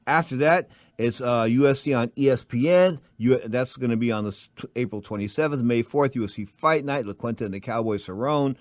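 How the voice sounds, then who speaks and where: A man hosting a radio talk show, telling rambling, animated stories to his co-host and listeners. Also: medium pitch, brisk, hardly any pauses, no echo, studio quality.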